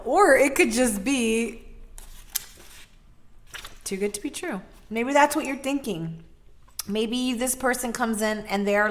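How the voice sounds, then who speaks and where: A woman giving a casual tarot reading who gets excited and loud, then drops back down, laughing often and swearing casually. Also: medium pitch. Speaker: tarot reader.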